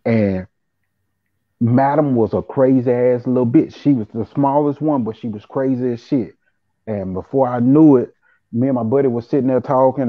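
A man telling a profane, animated story as a guest on a call-in talk show. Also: mid-range voice, dry recording. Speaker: podcast guest. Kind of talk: casual storytelling. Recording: tinny phone line.

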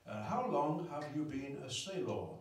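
A man's voice: a little high, expressive, normal speed, recorded from a distance, close to an everyday voice. A man doing a prim pious clergyman. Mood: earnest. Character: proper, pious male clergyman, middle-aged and earnest. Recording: roomy live club sound with guitar.

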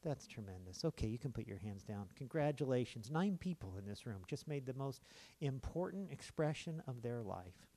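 A male pastor giving an altar call in a church auditorium. He speaks at a middle pitch, softly and with gentle repetition, pleading and coaxing as he leads a prayer. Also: animated, normal speed.

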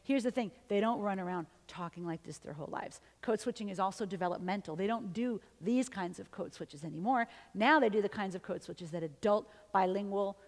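A woman's voice: mid-range voice, fairly quick, few pauses. Woman, linguist, conversational lecture, mixes English and Spanish, tag questions, long hall reverb. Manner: lively, often ends points with "okay?" or "right?"; switches between English and Spanish. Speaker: linguist giving a symposium talk.

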